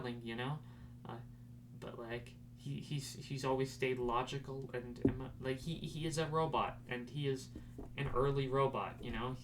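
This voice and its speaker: A young man hosting a podcast, rambling in casual chat with lots of fillers and excited fan talk. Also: medium pitch, normal speed, background noise. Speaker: podcast host.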